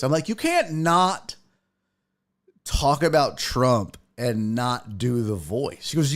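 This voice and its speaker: Male sports show host, loose casual chat, profane, animated asides, mid-range voice. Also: mid-range voice. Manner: animated, profane, jumps between tangents with quick asides.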